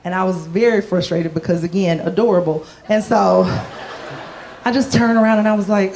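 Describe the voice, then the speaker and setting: A woman doing a playful, self-mocking stand-up set, jumping into quick character voices as she tells her stories. The live room has clear background noise under her voice. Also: medium pitch. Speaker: stand-up comedian.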